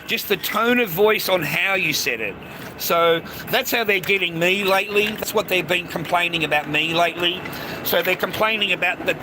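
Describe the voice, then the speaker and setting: A man with an Australian accent in a rambling, casual monologue, talking bluntly and profanely and calling the listener "mate" over and over, recorded outdoors on a city street. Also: high-pitched. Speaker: vlogger. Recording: noisy street with passing traffic.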